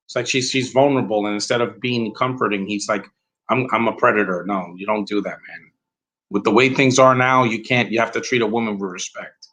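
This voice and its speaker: A man's voice: on the low side, fairly quick, fairly bright tone, low-quality recording. A man giving a rambling, blunt, opinionated live commentary while watching a movie at home.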